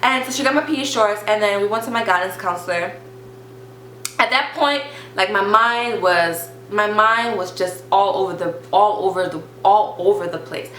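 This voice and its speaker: Young woman vlogger, storytime chat, says like constantly, bright voice, echoey room. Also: medium pitch, normal speed, a little hiss or hum. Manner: chatty, constant "like" fillers, animated retelling. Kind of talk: storytime vlog, casual chat.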